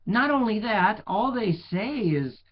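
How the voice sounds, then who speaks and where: Storybook shepherd boy, bored and whiny, high and slow, read by a man; muffled recording. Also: sing-song, full character voice. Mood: bored whine. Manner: drawn-out, exaggerated complaining. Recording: dull lo-fi recording.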